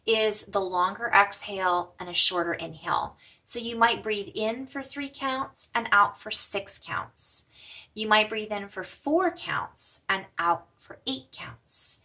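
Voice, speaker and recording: A woman teaches simple breathing exercises in a gentle, reassuring way. Her voice is bright with a gravelly edge. She sounds a little distant from the microphone. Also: medium pitch. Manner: gentle, slows and softens for mantras, fades to whispers. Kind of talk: guided breathing lesson.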